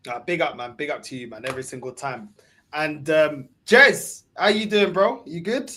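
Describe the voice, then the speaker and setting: A man hosting a casual football fan panel, with a voice that sits a touch high. He talks in a relaxed, slangy way and greets each guest warmly by name. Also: normal speed, husky. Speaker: podcast host.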